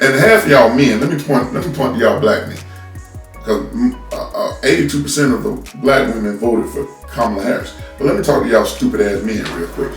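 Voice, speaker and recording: A man ranting bluntly and scolding his listeners, stumbling over repeated words as he talks into a phone from a distance. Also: medium pitch. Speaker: commentary host. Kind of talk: unscripted political rant. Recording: roomy, from a distance off the mic.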